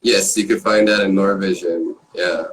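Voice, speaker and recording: A man from Los Angeles, a guest artist chatting casually with a laid-back, surfer-style voice, swearing often and filling pauses with um and like. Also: low voice, fairly even intonation, fairly bright tone, far from the mic, low-quality recording. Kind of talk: casual chat.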